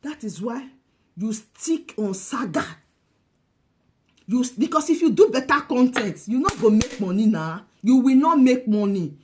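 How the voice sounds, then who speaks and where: Nigerian woman commentator, high lively voice, taunting and laughing. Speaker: online commentator. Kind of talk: mocking reaction commentary.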